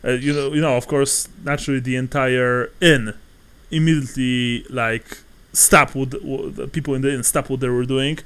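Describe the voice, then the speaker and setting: A man narrating a tabletop game as game master, halting and full of restarts. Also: mid-range voice, steady tone, a bit bright, smooth. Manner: halting, laughs often, many restarts.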